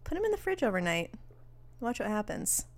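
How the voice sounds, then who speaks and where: A woman's voice: a little high, sing-song, brisk. A woman co-hosting a podcast from her beachside apartment, chatting casually and laughing easily. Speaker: podcast co-host. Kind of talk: casual chat.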